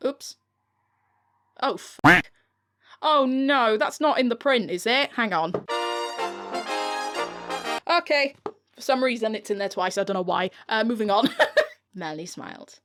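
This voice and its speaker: A woman's voice: fairly high pitch, expressive, measured pace, pauses often, over music. A British woman reading her own novel aloud, often breaking into giggles and swearing at her slips. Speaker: author narrating her own audiobook. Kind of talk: audiobook reading with bloopers. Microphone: home recording mic.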